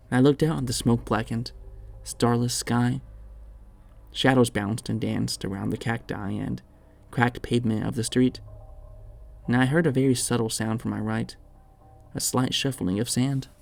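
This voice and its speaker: A man reading a horror story aloud in measured, dramatic scripted narration. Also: medium pitch, creaky, warm tone.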